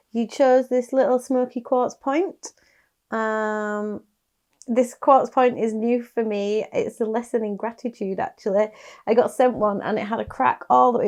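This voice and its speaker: Gravelly-voiced chatty woman tarot reader. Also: fairly high pitch. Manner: chatty, soft-spoken, with little sighs and laughs. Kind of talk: casual tarot reading to camera.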